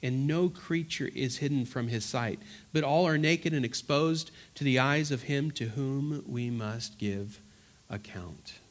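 A man preaching an earnest Bible-teaching sermon, emphatic and repeating words for stress, then dropping to soft, pleading tones. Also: mid-range voice, measured pace. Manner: swings from loud urgency to soft, quiet pleading.

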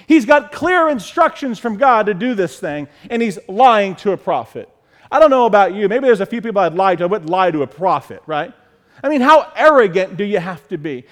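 A man's voice: high-pitched, big-room sound. A man preaching a sermon to his congregation, repeating key lines and building emphasis. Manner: preaching with repetition and rising emphasis. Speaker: pastor.

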